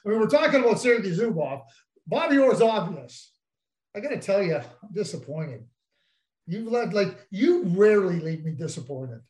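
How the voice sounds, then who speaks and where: A man co-hosting a podcast, telling stories in a teasing, animated way. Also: high voice, moderate pace, reverberant, low-quality recording. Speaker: podcast co-host, former hockey executive. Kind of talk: casual storytelling chat.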